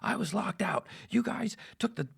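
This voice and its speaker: A man putting on the voice of an angry male radio host who shouts exasperated complaints. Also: sits high, expressive, normal speed, vocal fry, breathy edge, pitched above the performer's own voice, exaggerated voice. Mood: furious.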